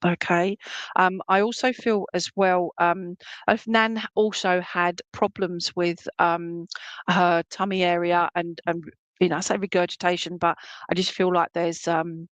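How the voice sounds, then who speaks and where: A woman with a fairly low voice leads an online spiritualist reading from her home. She talks in a warm-hearted, chatty way, full of fillers and terms of endearment. Her voice sounds dry and close, with no room echo. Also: flat delivery, unhurried. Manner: chatty and affectionate, many fillers. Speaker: spiritualist medium.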